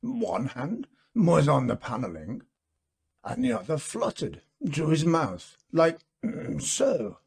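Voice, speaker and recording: A man voicing an earnest gentleman telling his friends about a ghost, in a musing, hesitant way with many fillers. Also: a little high, wildly swooping pitch, takes it slowly, gravelly, breathy edge, exaggerated voice. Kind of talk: storybook reading.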